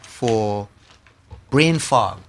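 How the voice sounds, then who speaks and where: A man's voice: fairly low pitch, animated, very slow, a little hiss or hum. A man talking as a radio guest in an earnest, preacherly way, quoting scripture. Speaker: guest, product maker. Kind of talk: casual radio talk with preaching.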